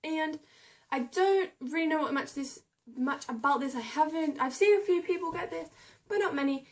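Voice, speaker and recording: A woman's voice: sits high, moderate pace. A young woman chatting casually about books she bought, reading blurbs aloud and stumbling over names and hard words. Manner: reads book blurbs aloud. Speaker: book vlogger. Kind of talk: casual chat about a book haul.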